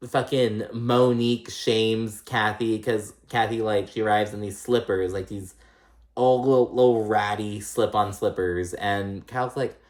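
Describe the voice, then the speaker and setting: A man's voice: fairly even intonation, moderate pace. Chatty, profane man recapping reality TV. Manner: chatty, profane, mimics the cast in raised-pitch quotes. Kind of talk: casual recap commentary.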